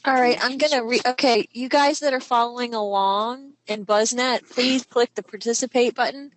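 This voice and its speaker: A woman's voice: on the high side, steady tone, normal speed, low-quality recording. A woman co-hosting a live online drawing class, upbeat as she moderates the students.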